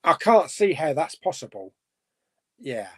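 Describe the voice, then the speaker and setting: Chatty man, lively pitch. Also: a little slow, husky. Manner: chatty, muses aloud and laughs to himself. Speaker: host. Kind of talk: casual live chat reading viewer comments.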